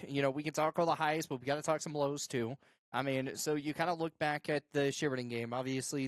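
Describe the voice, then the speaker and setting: Man, sports host, slightly high voice, casual interviewer, lots of fillers, dry recording. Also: no room sound. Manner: excited shouting calls over game highlights, then casual questions with fillers. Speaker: sports show host and play-by-play caller. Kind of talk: high school football play-by-play and interview.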